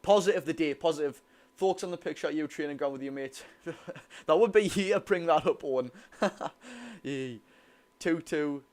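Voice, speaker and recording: With a slightly high voice at a moderate pace and no echo, a young North East England man speaks in a Geordie accent. As a football fan streamer running a live watch-along, he chats casually and excitably, reading viewer comments aloud.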